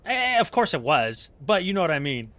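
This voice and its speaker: In a dry recording, a very animated male streamer talks casually at normal speed during gameplay. His fairly high, bright voice has a keen forward edge as he wanders through self-mocking jokes and tangents.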